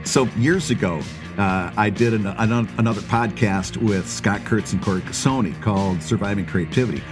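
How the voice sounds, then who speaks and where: A man's voice: fairly low pitch, moderate pace, over music. A man co-hosting a podcast, chatting casually and rambling through stories with frequent laughter. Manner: rambling storyteller, laughs often. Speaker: podcast co-host.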